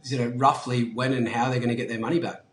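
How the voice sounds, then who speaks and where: A man's voice: mid-range voice, fairly even intonation, fast talker, slight background noise. A man telling stories casually as an interview guest, chatty and laughing often, with casual swearing. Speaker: interview guest, business founder. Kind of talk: casual storytelling. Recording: echoey room.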